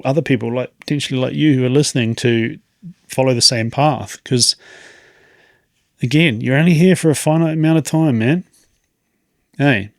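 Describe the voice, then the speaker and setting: A man's voice: medium pitch, gravelly, no echo, studio quality. A man in his late thirties hosting a podcast, talking in a rambling, reflective way and chuckling often. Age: 30s. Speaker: podcast host. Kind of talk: casual podcast monologue.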